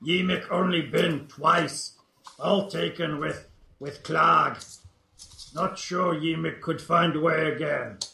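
A man's voice: on the high side, fairly even intonation, slow pace, vocal fry, bright, forceful tone, reverberant, exaggerated voice. A man voicing a male goblin captive who talks in broken, clipped grammar in a tabletop game. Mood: informing.

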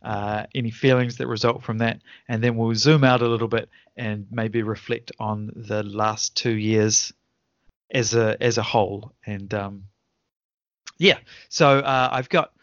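A man running a relaxed podcast debrief for his tabletop group. He rambles, restarts his sentences and chuckles as he recalls old sessions. The sound is dry and a little dull. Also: lowish voice, unhurried, dry recording. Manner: rambling, self-correcting, chuckling. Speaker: game master and podcast host. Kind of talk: casual podcast debrief chat.

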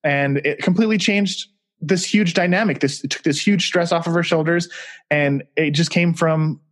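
A man's voice: fairly high pitch, moderate pace, fairly bright tone. A man guesting on a podcast as a relationship researcher, telling stories in an enthusiastic, casual way full of "like". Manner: enthusiastic, casual, uses "like" a lot. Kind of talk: casual interview storytelling.

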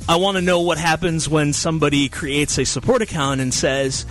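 A man's voice: on the high side, normal speed, few pauses, a bit bright, soft background music. A man delivering a scornful, mocking scripted rant segment on a podcast. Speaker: segment host.

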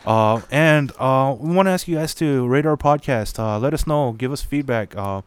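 A man in his thirties co-hosting a casual podcast chat, talking in a relaxed way with many "uh"s. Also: mid-range voice, moderate pace, smooth, dry recording. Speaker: podcast co-host.

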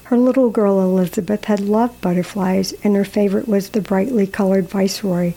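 A woman calmly reading a story aloud in a measured, gently expressive way. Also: medium pitch, low-quality recording. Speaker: narrator.

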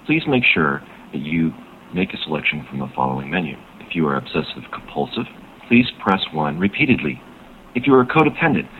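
A man reading a mock automated hotline menu in a deadpan announcer voice, left as a voicemail. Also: low-pitched. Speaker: caller leaving a joke voicemail. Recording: tinny phone-line voicemail with faint noise.

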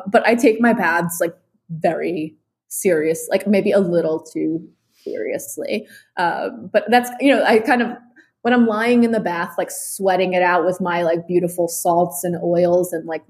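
A woman on a podcast chatting casually, talking in an animated way, swearing freely and filling her speech with "like.". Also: on the low side.

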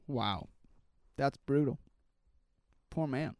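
Reacting to news in a casual chat, this podcast co-host talks very slowly in a medium-pitched, darkish voice. His talkative rambling trails off and restarts amid plenty of fillers, recorded dry at studio quality.

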